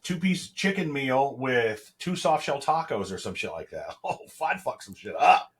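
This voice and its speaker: A man co-hosting a podcast in casual chat, excitable and crude, often laughing. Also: mid-range voice, normal speed, slight background noise. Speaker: podcast co-host.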